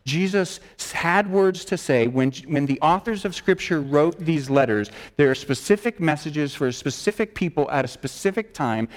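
A man preaching a sermon as pastor, emphatic and earnest, repeating words for stress and often restarting his sentences. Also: on the high side. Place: church sanctuary. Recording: long hall reverb in a church.

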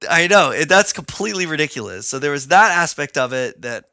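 A man hosting a podcast in a bright, forward voice, talking loosely with lots of fillers and quick laughs. The sound is dry and close to the mic. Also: a little high, dry recording. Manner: animated, laughs often, many fillers. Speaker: podcast host. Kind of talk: casual podcast chat.

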